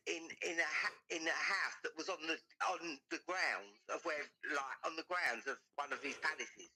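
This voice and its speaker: A man's voice: on the high side, expressive, moderate pace, hardly any pauses, pushed and bright, husky, low-quality recording. A man chatting casually, emphatic and repetitive, stumbling over his words. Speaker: vlogger. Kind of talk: casual chat.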